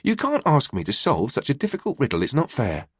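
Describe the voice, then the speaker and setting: Mother figure, voiced by a male narrator: affectionate, teasing, lively. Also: mid-range voice, fairly quick, husky, dry recording, clean studio sound, voice pushed up. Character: warm tired mother, adult woman. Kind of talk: audiobook dialogue.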